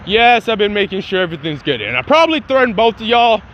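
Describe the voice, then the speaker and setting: A man's voice: sits high, big pitch swings, fast, highs cut off, slight background noise. A man playing a sly young antihero's message. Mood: offhand. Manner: casual, rambling, slyly threatening. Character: secretive young male antihero in a hologram message.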